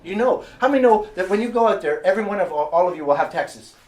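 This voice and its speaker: Energetic man with a fairly high voice for a motivational seminar, prods the audience for agreement, heard from a distance in a room. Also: fast. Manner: keeps asking the audience "right?" and "how many know"; energetic, with restarts and repetition. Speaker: seminar presenter. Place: meeting room with a live audience. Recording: distant mic with faint background noise.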